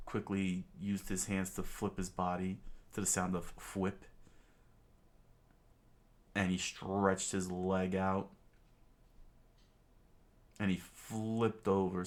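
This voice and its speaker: Man reading a comic aloud, very deep, slow, lively pitch; casual. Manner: loose, with fillers and restarts. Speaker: reader.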